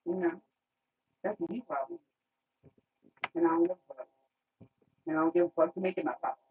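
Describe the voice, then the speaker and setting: Woman vlogger, husky and raspy, blunt and profane, sounds like a phone recording. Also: on the low side, animated, brisk, phone-quality sound. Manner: blunt, profane, repeating words for emphasis. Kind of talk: unscripted spiritual rant.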